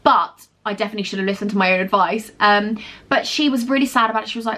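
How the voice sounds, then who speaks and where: A woman's voice: mid-range voice, animated, quick pace, a bit bright. A young woman, telling a storytime to camera at home in a chatty, emphatic, gushing way. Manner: chatty, emphatic, gushing, talks straight to viewers. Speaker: vlogger. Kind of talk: casual storytime chat to camera.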